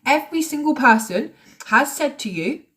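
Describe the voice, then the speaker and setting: This is a heated livestream rant recorded at home on TikTok Live by a woman in her late thirties who is confrontational, sarcastic and sweary. Her high voice is expressive, bright and forceful, at a moderate pace.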